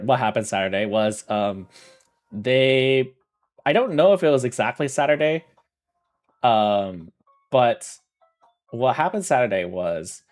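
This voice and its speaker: A man chatting casually on a livestream, rambling through a story, correcting himself often and laughing. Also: mid-range voice. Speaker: streamer.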